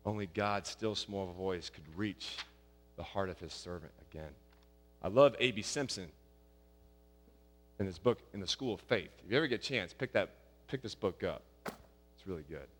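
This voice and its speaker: A man preaching a sermon, rising loud and high on his questions and dropping soft and low for quiet passages. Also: normal speed, pauses often, in a large hall. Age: young adult or middle-aged, a father of young kids. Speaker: pastor.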